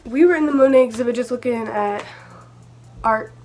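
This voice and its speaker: A woman's voice: on the high side, normal speed, a little mellow, faint music behind. A teenage girl telling a storytime vlog in a chatty, rambling way, full of asides and fillers. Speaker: vlogger.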